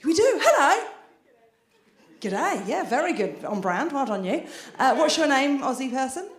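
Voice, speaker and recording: High-voiced woman doing stand-up. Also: very animated, measured pace, roomy sound. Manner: chatty, self-deprecating, with filler restarts. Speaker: stand-up comedian. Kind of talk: stand-up comedy set. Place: theatre stage before an audience.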